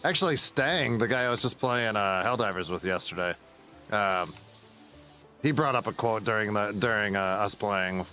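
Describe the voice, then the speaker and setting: A man's voice: fairly low pitch, moderate pace, pushed and bright, soft background music. A man chatting casually while playing a game, rambling and swearing freely. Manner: rambling, profane, laughs at his own stories. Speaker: gaming streamer. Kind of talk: casual gameplay commentary.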